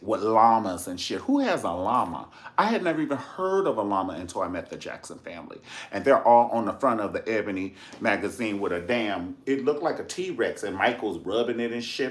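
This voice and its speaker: A man with a lowish voice talks a little fast and rarely pauses. He's a documentary reviewer and channel host giving a sassy, campy video review in casual commentary, telling stories with animation, calling the listener honey and swearing freely and casually.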